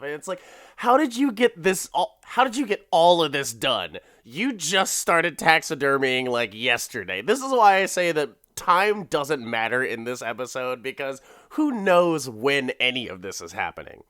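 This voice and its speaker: A man's voice: fairly high pitch, sing-song, measured pace, pushed and bright, no echo, studio quality. A man hosting a comedy podcast, recapping an episode in a loose, laughing, profane style and putting on voices for the characters. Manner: laughing, swearing, acts out characters in put-on voices. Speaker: podcast host.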